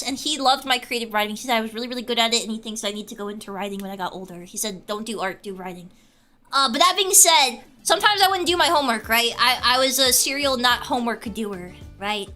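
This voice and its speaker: A woman's voice: sits high, fast, few pauses, faint music behind. A young woman streamer chatting casually and telling stories, laughing often. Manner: giggly, animated storytelling. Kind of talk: casual chat with chat.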